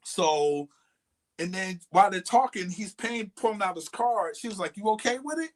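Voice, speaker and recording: A man's voice: sits high, lively intonation, normal speed, a little hiss or hum. A man co-hosting a podcast, casually and animatedly retelling a friend's dating story with quoted lines. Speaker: podcast co-host.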